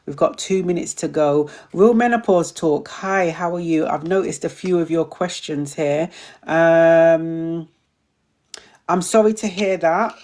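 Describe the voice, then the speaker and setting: A woman hosts a live online community session and talks straight to her viewers. Her voice sits slightly low, and her chatty delivery now and then stumbles over longer words. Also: unhurried, a little mellow. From Britain. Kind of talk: live-stream chat and viewer Q&A.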